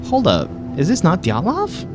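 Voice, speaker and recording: A man's voice: sits high, huge pitch swings, normal speed, music in the background. A man giving casual, joking let's-play commentary, thinking aloud as he goes. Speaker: gaming host.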